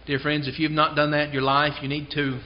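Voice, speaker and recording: Earnest preacher man, slightly high voice. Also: completely flat delivery, slight background noise. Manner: earnest, emphatic, slows down to stress key phrases. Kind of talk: sermon. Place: church service. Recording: dull lo-fi sound.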